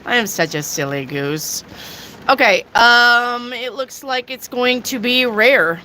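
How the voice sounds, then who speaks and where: A woman with a bright, clear voice reads tarot cards live for her viewers. She talks slowly and chattily, tossing in jokes and the odd crude aside. A faint hum of ambient noise sits behind her. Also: a little high, animated. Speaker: tarot reader. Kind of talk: casual live tarot reading.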